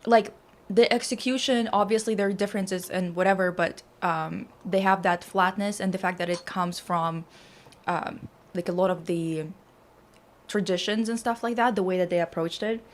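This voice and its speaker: A woman's voice: mid-range voice, steady tone, moderate pace. A woman co-hosting a casual chat about art, thinking aloud with many fillers and hedges. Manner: laughs easily, enthusiastic asides. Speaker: co-host.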